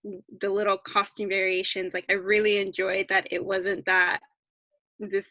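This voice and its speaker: A woman's voice: medium pitch, little pitch movement, moderate pace, bright, forceful tone, no echo, low-quality recording. A woman co-hosting a podcast, chatting casually and eagerly with lots of fillers. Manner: enthusiastic, many fillers. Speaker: podcast co-host. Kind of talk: casual chat.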